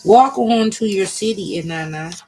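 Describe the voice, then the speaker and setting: A pack of underworld demons gives orders, as a man reads them. The delivery is commanding. The voice sits high. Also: animated, unhurried, a little mellow, slight background noise, low-quality recording.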